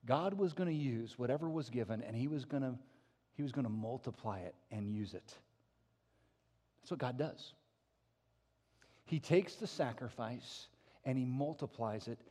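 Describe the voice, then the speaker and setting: A man preaching a sermon as pastor, acting out scenes with a raised voice and dropping low and soft for emphasis. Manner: animated storytelling, acting out disciples with a raised voice.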